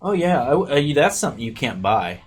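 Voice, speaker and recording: A man's voice: medium pitch, brisk, breathy edge. A man chatting casually as a guest, joking and telling stories. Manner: animated, jokey storyteller. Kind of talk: casual chat.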